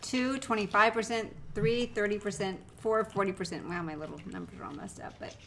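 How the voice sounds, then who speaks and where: A woman's voice: mid-range voice, fairly even intonation, brisk, fairly bright tone, slight background noise. A middle-aged woman co-hosting a casual live-stream show, reacting with surprise and laughing easily.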